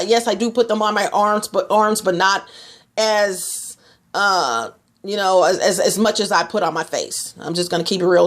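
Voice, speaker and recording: Rambling Texan woman vlogger. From Texas. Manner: rambling, restarts a lot, mocks others in a higher voice. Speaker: vlogger selling skin products. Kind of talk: casual talk to camera.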